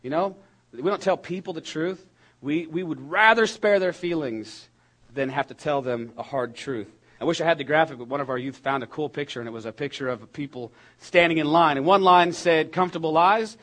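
A man preaching a sermon in a conversational, animated way, with jokes and quick asides. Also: mid-range voice. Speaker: pastor.

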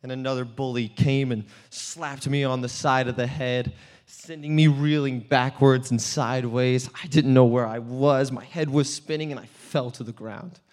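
An actor playing an earnest, desperate blind male beggar in a dramatic first-person monologue, swinging between hushed and loud storytelling. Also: mid-range voice, fairly even intonation, normal speed, lightly acted. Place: church hall. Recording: long church hall reverb.

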